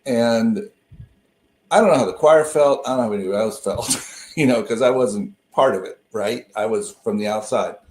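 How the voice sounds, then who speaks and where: A man's voice: medium pitch, moderate pace, a little mellow. Echoey man rambling on a call. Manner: rambling, self-interrupting storyteller. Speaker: co-host and minister. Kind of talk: casual conversation on a call. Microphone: video call.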